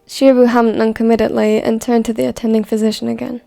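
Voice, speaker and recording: Gravelly-voiced woman reading a story. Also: a little high, flat delivery, quick pace, hardly any pauses, warm tone, soft background music. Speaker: story narrator. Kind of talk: scripted narration of a fan story.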